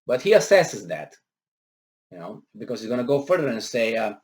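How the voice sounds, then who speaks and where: A man commenting on a news article, arguing with rhetorical questions and sarcastic asides, with frequent hesitations and pitch that jumps on emphatic words. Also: big pitch swings, moderate pace. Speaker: political commentator.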